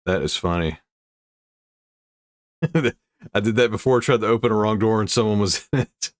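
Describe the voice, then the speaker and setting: Reacting to viewer comments on his livestream, an American streamer chats about strange news, laughing a lot, rambling, and cutting himself off mid-thought. His voice is lowish at a normal speed, recorded with studio quality and no room sound.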